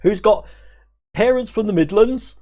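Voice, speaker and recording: Chatty Australian-English man, higher voice. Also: warm tone. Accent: mixed Australian and English. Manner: chatty, laughs often, talks quickly. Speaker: live stream host. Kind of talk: casual live stream chat, reading viewer comments.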